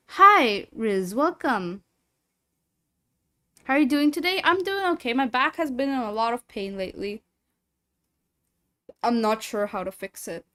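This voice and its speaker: A woman livestreaming, chatting casually with viewers and reading a horror story aloud, lively and quick to swear and laugh. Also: a little high.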